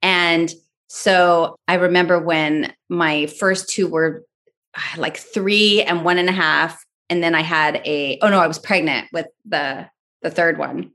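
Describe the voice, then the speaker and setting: A woman's voice: on the low side, steady tone, unhurried, a bit bright. A woman in her forties, a podcast guest, telling a parenting story in casual chat and acting out her own thoughts.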